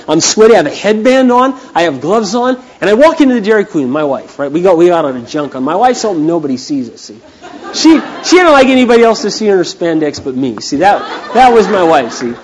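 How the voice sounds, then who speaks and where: A man preaching a sermon as a pastor, telling stories with an animated manner that swings from hushed to loud. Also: high-pitched, fairly quick, some chatter behind, rough recording. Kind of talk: storytelling sermon.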